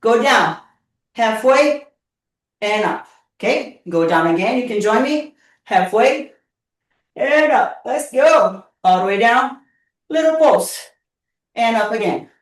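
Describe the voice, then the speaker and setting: A fairly high-pitched, animated woman speaks slowly with frequent pauses, recorded from a distance in an echoey room. She's a fitness instructor leading a live online workout class, cheering her students on playfully and encouragingly as she loses her breath.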